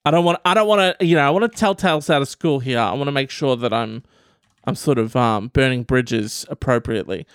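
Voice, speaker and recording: A man's voice: medium pitch, a little fast, smooth, dry recording, studio quality. Irreverent, profane male podcast host. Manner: reads out an article and riffs on it. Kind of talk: comedic podcast commentary.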